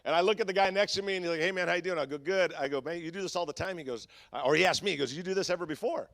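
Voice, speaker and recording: A man preaching a sermon as pastor, swinging between loud bursts and hushed lines in a chatty way. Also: high voice, very fast, gravelly, dry recording, studio quality. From Southern California. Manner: swings from shouting to hushed, conversational with fillers.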